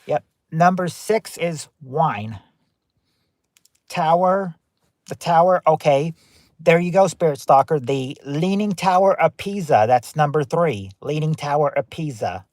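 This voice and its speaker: This livestream game show host speaks a little slowly in an expressive, highish voice with a darkish tone and no room sound. Casually reading out viewers' guesses and saying hello by name, he often uses fillers and restarts himself.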